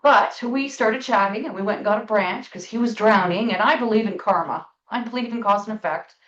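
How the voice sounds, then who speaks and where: A middle-aged woman hosting a spiritual talk show, telling a story in a casual, emphatic way and stretching out key words slowly. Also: medium pitch, fairly bright tone, far from the mic. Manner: storytelling, emphatic, with slow drawn-out stresses. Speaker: spiritual podcast host. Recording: echoey room, off-mic, dull sound.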